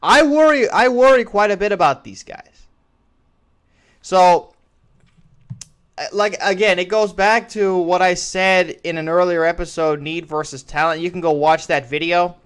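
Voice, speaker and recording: A man's voice: sits high, unhurried, a bit bright, clean tone. A man hosting a solo sports talk show, giving his opinions in a rambling way and often restarting phrases. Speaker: podcast host.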